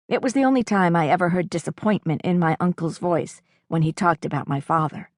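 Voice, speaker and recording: A woman's voice: on the low side, brisk, hardly any pauses, dry recording. A woman audiobook narrator reading a first-person novel in a reflective storytelling manner, recorded in a studio.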